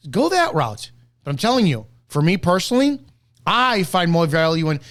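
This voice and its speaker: A man with a somewhat high voice rants bluntly and combatively. He reacts to a clip with profane, fired-up commentary on sales prospecting. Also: animated, moderate pace, a bit bright. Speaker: network marketing commentator.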